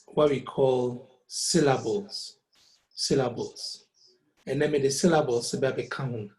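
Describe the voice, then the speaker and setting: Guy teaching music online, slow, patient, switches into twi now and then. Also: medium pitch, darkish tone, poor audio. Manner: slow, explaining, mixes in Twi phrases. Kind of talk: online lesson.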